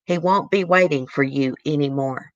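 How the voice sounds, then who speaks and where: A woman's voice: low-pitched, moderate pace, no echo, muffled recording. A woman host reading a letter aloud to her viewers in an earnest, easily moved way, stopping now and then to comment.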